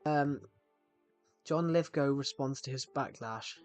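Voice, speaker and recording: At a moderate pace and medium pitch, a slightly mellow-voiced man chats casually to viewers during a live game stream. He rambles and keeps cutting himself off mid-sentence, with faint music in the background.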